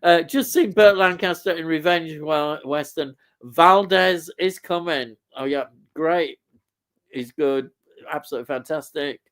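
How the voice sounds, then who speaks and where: A man's voice: fairly high pitch, takes it slowly, fairly bright tone. A man co-hosting a casual live stream, chatting about classic TV and reading out viewer comments with frequent laughs.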